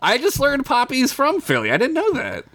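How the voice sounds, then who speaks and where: A man co-hosting a loose, casual podcast, reading listener emails aloud with frequent laughter and easy swearing. His voice is bright and forceful, and his pitch swings widely as he talks. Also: wildly swooping pitch, moderate pace. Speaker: podcast co-host. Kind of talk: casual chat.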